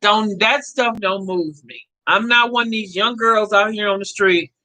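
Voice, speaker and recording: A woman in her fifties telling a personal story to her viewers in a casual, animated way, laughing often. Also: medium pitch, moderate pace, low-quality recording. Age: 50s. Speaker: vlogger.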